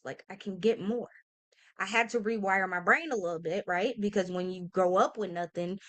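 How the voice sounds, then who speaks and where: A woman's voice: a little high, pushed and bright. A woman in her thirties giving an earnest, heartfelt motivational talk to camera, often checking in with her listeners and talking in a casual, emphatic way. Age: 30s. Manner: earnest, emphatic, addresses listeners directly with "y'all" and "okay?"; casual speech with slang and fillers. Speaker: motivational vlogger.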